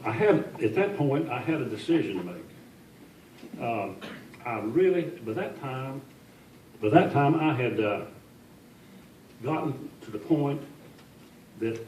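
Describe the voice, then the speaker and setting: Older man, folksy joking storyteller, mellow voice, echoey room from afar. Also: medium pitch, very animated, measured pace, long pauses, a little hiss or hum. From Tennessee. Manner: folksy, joking, self-deprecating. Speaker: guest speaker. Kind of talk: after-dinner storytelling speech. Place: large indoor function room. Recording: echoey hall from a distance.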